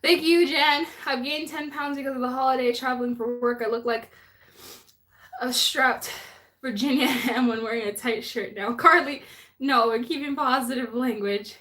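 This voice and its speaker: A woman's voice: high voice, fairly even intonation, normal speed, sharp tone. A young woman hosting a live stream, chatting casually, laughing often and reading viewer comments, a bit out of breath.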